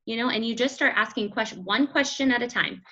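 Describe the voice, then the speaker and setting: Woman, motivational coaching talk, bright tense voice, somewhat high, chatty, energetic. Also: a little fast, dull audio. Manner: energetic, chatty, acts out quotes in a higher voice. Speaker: fitness business coach.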